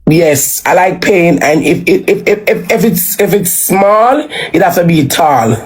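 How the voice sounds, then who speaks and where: A woman's voice: fairly low pitch, animated, a little slow, husky. A woman with a Jamaican accent, talking bluntly and casually on a live stream. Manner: blunt and unfiltered, drifting into Patois.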